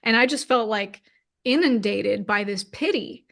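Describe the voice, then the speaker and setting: A woman's voice: medium pitch, a little slow, creaky, fairly bright tone. A woman in her thirties, a guest in an interview, telling a personal story openly and emotionally with many "like" fillers. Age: 30s. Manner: open, emotional, frequent "like" fillers.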